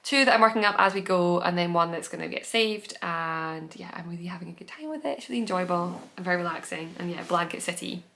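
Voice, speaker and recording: Speaking quickly with few pauses, a woman with a lowish, sharp voice and vocal fry hosts her own podcast on camera at home. The chat is casual and gushing, with lots of trailing restarts.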